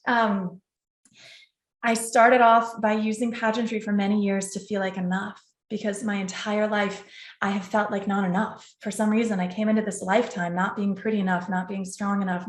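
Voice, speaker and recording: A woman's voice: mid-range voice, reverberant. A woman in her forties giving a heartfelt, effusive motivational talk to pageant contestants, often laughing and calling them girls and ladies. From Arizona. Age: 40s. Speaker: pageant titleholder and coach.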